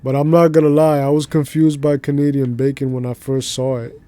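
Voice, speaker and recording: A man's voice: medium pitch, flat delivery, brisk, mellow, dry recording. A male streamer chatting casually while he plays, rambling in slangy speech and laughing easily. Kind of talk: casual chat while gaming.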